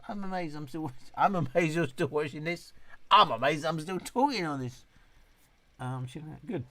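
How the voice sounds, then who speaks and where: A man hosting a relaxed late-night livestream, rambling and a bit tipsy. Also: fairly high pitch, moderate pace. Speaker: livestream host.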